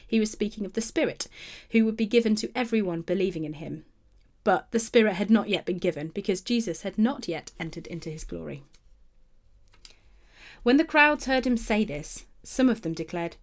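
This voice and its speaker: A woman narrating a Bible passage in a steady, clear storytelling manner, letting phrase ends fall. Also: medium pitch, moderate pace.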